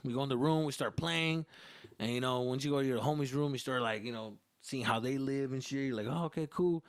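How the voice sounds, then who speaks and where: A young man hosts his podcast, spinning a comedic story in a loose, profane, animated way. His voice sits in an everyday middle pitch. He sounds close and dry, with no room echo. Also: fairly quick, smooth. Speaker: podcast host.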